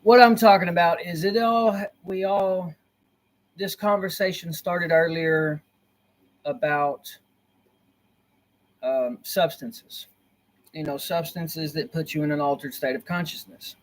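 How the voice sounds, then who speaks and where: A man on a casual livestream, speaking into his laptop from a cozy, dim corner of his room. His voice sits a little high, and he rambles and circles back over his points. He sounds earnest and conspiratorial. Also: fairly even intonation, slow, long pauses. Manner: rambling, repeats himself. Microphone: laptop built-in mic.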